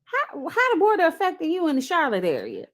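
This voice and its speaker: A woman's voice: extremely high pitch, huge pitch swings, a little fast. A woman co-hosting a casual live stream, making dry, teasing remarks. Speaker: co-host.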